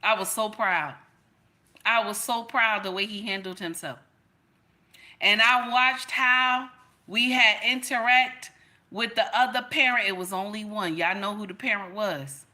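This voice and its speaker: A woman's voice: medium pitch, fairly even intonation, unhurried, pushed and bright. A woman hosting a reaction video, giving casual commentary in an emphatic, preachy way that repeats phrases for effect.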